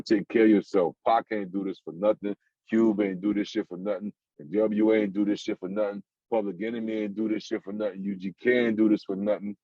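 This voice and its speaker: Laid-back New Orleans rapper, low voice. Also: male voice, no echo. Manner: laid-back street slang, repeats "you heard me". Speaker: rapper guest. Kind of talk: casual interview sign-off. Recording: muffled lo-fi audio.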